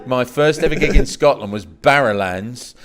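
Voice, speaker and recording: A middle-aged English man telling lively anecdotes as a podcast guest, jumping high in pitch when he quotes himself. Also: normal speed. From England. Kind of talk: storytelling in a casual interview.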